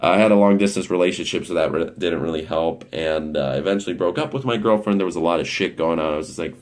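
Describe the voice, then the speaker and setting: A man's voice: low voice, fast, few pauses. A young man in a casual monologue, rambling and blunt, swearing often. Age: young adult. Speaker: vlogger.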